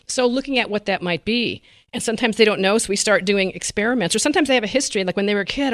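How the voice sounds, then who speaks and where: A dietitian, appearing as a guest in a conversational interview, talks animatedly at a very fast pace in a medium-pitched, slightly bright voice. She laughs often and acts out what her patients tell her, captured in clean studio sound with no echo.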